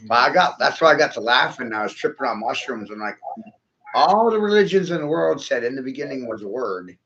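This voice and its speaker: A man's voice: medium pitch, animated, brisk, a bit bright. A man in casual podcast chat who rambles, laughs often and plays with words. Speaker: podcast co-host. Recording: dull lo-fi sound with faint noise.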